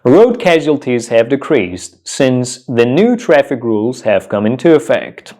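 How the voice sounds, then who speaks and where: A man teaching English pronunciation, saying each word slowly several times and asking the viewer questions. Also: mid-range voice, sing-song, dark tone. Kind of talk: pronunciation lesson.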